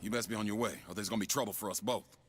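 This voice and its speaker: A man's voice: lowish voice, steady tone, racing, close to an everyday voice. A man playing a frightened, pleading washroom attendant. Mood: warning. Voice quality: hushed, pleading. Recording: noisy game audio in a stream.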